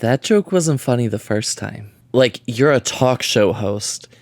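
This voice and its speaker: A man's voice: mid-range voice, a little slow, a little mellow, no echo. A man narrating a commentary video, sarcastic and prone to swearing rants. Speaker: video essayist.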